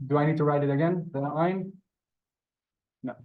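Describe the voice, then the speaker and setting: A man teaching a live beginners' Hebrew class, halting and repeating words, polite to his students. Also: a little high, fairly even intonation, narrow, tinny audio.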